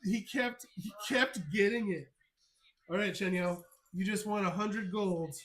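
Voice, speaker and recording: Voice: medium pitch, unhurried, noisy background. A game master narrating a tabletop game on a live stream, laughing often and telling the story with energy.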